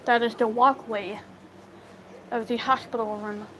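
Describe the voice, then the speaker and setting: A woman telling a story casually to live viewers on her phone, halting, with many fillers and restarts. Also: fairly high pitch, fairly even intonation, fairly bright tone, slight background noise, low-quality recording. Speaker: livestream storyteller.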